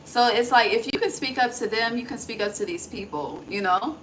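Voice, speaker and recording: A woman's voice: on the high side, a little fast. A woman giving a casual, chatty card reading, thinking aloud, swearing freely and calling the listener honey. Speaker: intuitive tarot reader. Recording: steady background noise.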